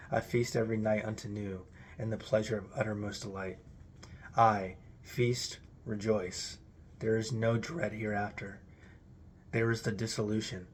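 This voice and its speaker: A man's voice: on the low side, a little hiss or hum. A man giving a solemn, declamatory recitation of an archaic religious text in an intoned delivery. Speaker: reader.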